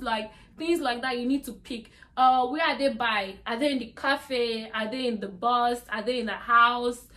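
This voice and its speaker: A woman's voice: on the high side, fairly even intonation, moderate pace, few pauses, pushed and bright. A young woman giving exam tips in a chatty vlog, with lots of "like" and "you know". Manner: chatty, repeats "like" and "you get me". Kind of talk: casual talk to camera.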